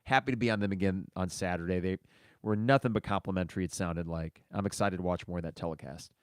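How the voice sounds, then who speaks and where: A man's voice: deep voice, quick pace, clear, resonant tone, no room sound, clean studio sound. A man hosting a casual solo sports podcast, reading listener mail and reacting in a chatty way. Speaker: podcast host.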